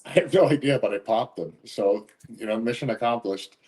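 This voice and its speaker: A man being interviewed as a guest, telling relaxed stories in casual conversation and often laughing while he talks. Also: mid-range voice, normal speed. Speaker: interview guest, professional wrestler.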